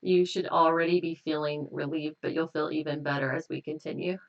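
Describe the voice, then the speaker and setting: A woman hypnotist at home, hosting a live stream and slowly leading repetitive guided tapping affirmations. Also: low voice, level tone, recorded from a distance, lo-fi sound. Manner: slow, repetitive, gently affirming.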